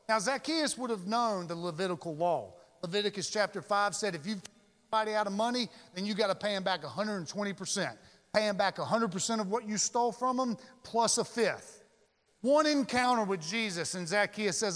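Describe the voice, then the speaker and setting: A male pastor preaching a sermon emphatically, with dramatic pauses and slowed key words. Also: sits high, animated, a bit bright, in a large hall.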